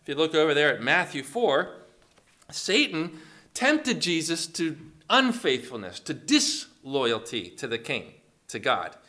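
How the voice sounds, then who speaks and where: A man's voice: fairly high pitch, sing-song, a little slow, bright, forceful tone. A man preaching a sermon, asking the congregation questions and acting out quotes along the way. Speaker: pastor.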